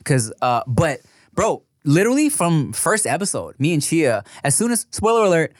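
Brief: young male podcast co-host, lively swinging pitch, dry close mic, laughs and swears a lot. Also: moderate pace, no echo. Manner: laughs often, swears freely, animated storytelling. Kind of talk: casual podcast banter.

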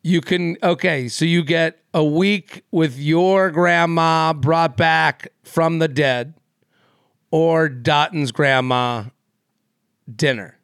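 A man's voice: a little high, fairly even intonation, creaky, a bit bright, smooth, no room sound, clean studio sound. A man co-hosting a podcast, joking and rambling in casual chat. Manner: jokey, rambling, quick asides. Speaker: podcast co-host.

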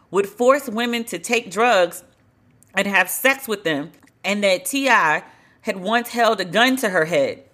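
Bright-voiced woman hosting a sarcastic podcast. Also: mid-range voice. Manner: blunt, sarcastic, animated, cusses freely. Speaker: podcast host. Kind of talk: solo podcast commentary. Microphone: studio podcast microphone.

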